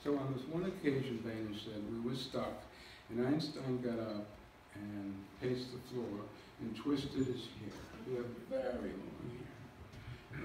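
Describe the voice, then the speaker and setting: A man's voice: medium pitch, a little slow, hardly any pauses, a little mellow, a little hiss or hum. Echoey man lecturing from afar. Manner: jokey, self-deprecating, explains with slides. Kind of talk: public lecture. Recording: echoey hall recording from far off.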